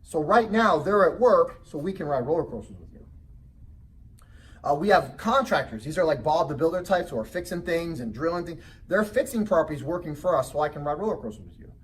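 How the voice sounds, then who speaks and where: A middle-aged man gives a motivational real estate seminar talk in a presentation room, his voice expressive and a little fast. He tells a family story, acts out a child's voice in a high pitch, and asks the audience questions. A distant mic picks him up with faint background noise.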